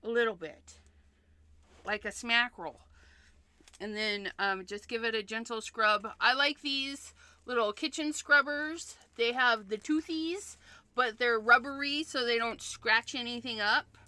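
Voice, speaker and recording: A woman's voice: fairly high pitch, a little slow, bright, forceful tone, clear, resonant tone, no room sound. A woman hosting a card-making livestream in a casual demonstration, chatty and thinking aloud, often repeating herself.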